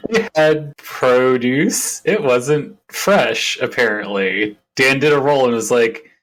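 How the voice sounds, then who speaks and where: A man's voice: medium pitch, slow pace, fairly bright tone, a little hiss or hum, low-quality recording. A man co-hosting a podcast, talking casually in a rambling, self-deprecating way and laughing often. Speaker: podcast co-host. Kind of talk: casual chat.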